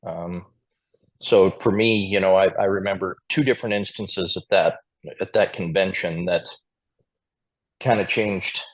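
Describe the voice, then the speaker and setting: A Montana man who calls square dances is a podcast guest, telling chatty stories in a casual interview and chuckling now and then. His voice is low and steady, a little slow, with frequent pauses.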